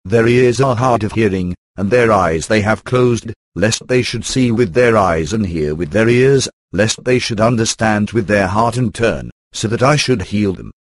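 A computer-generated male voice reading a devotional book aloud, steadily and evenly, pausing to read out verse numbers. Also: fairly low pitch, no room sound. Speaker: audiobook narrator.

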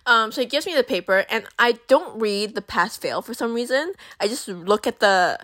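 A woman's voice: a little high, normal speed. A young woman telling a story to camera in a casual, chatty way, swearing freely and using lots of fillers. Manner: profane, animated, chatty with many fillers. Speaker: vlogger.

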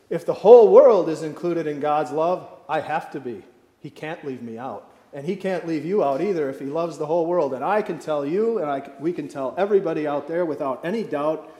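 A pastor delivering a sermon, slow and emphatic, dropping to soft, quiet phrases for effect. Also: male voice, on the high side, reverberant, long reverb tail. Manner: slow emphatic preaching with dramatic drops in volume.

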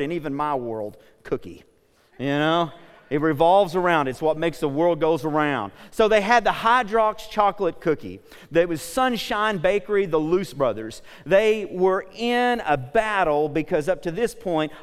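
A man preaching a sermon as pastor, talking quickly and energetically, calling for amens from the congregation. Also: a little high, clear, resonant tone. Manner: fast, energetic preaching with call-and-response. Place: church sanctuary. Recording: church hall reverb.

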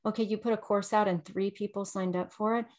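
Animated woman guest telling a story. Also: mid-range voice, a little fast. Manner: animated storyteller who acts out quoted voices. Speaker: podcast guest. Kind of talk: casual interview conversation.

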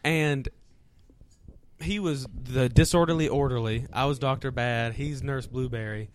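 A man's voice: mid-range voice, a little slow, slight background noise. A man, a wrestler and podcast guest, telling stories with laughter and profanity. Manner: profane, laughing, acts out quotes. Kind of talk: animated storytelling. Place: podcast studio.

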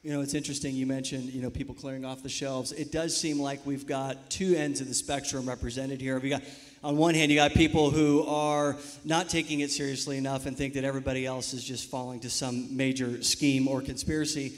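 A man who leads missions, speaking earnestly and in measured words about faith and wisdom. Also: mid-range voice, level tone. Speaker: missions executive. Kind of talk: sermon-like reflection.

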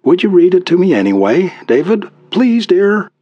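Man doing a doting older wife, warm sighing voice, pleading and apologetic, husky, dry sound. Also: sits high, big pitch swings, normal speed, no echo, dull audio, pitched above the performer's own voice.

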